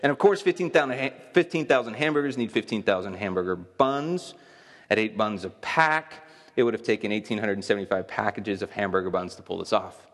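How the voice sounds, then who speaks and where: Low-voiced male pastor in a hall. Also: a little fast, fairly bright tone. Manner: conversational, asks the audience questions. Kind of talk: sermon. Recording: long reverb of a large hall.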